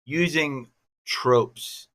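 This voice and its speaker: A man's voice: fairly high pitch, extremely slow, fairly bright tone. A man co-hosting a podcast in casual, joking banter. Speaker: podcast co-host. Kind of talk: casual chat.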